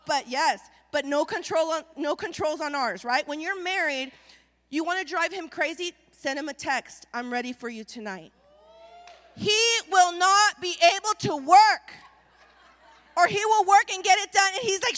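A woman pastor preaching a lively sermon with call-and-response to the congregation. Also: extremely high pitch, long reverb tail.

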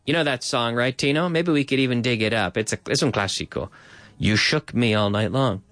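Lively radio host explaining phrases. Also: male voice, medium pitch, fairly quick, no room sound.

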